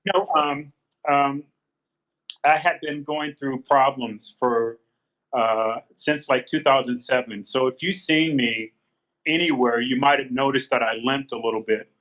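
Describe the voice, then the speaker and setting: Speaking at a measured pace, this fifties-aged man has a mid-range voice with a slight brightness. As an interview guest, he openly recounts a difficult personal experience, stumbling through many fillers and restarts, captured in dull, lo-fi audio.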